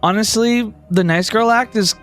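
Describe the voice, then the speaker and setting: A man's voice: sits high, normal speed, a bit bright, faint music behind, voice pushed up. A man voicing a snobby, dismissive young woman racer with a catty manner. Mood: snide.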